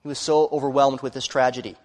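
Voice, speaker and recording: A man preaching a sermon, telling a story earnestly and rising to loud emphasis. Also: medium pitch, level tone, quick pace, long reverb tail.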